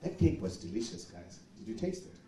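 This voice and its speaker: A South African man emceeing a celebration, bantering and laughing between introductions. His voice sits fairly low. A faint background hum runs under it. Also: sing-song, fairly quick, mellow. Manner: jokey, banters with the audience, laughs often. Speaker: master of ceremonies. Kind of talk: event emceeing. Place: event venue.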